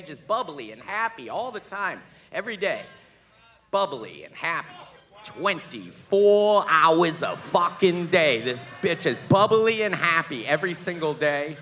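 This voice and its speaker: Brash, profane stand-up comic. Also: male voice, high voice. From Boston, USA. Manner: profane, animated storytelling. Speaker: stand-up comedian. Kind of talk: live stand-up comedy. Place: live theater stage.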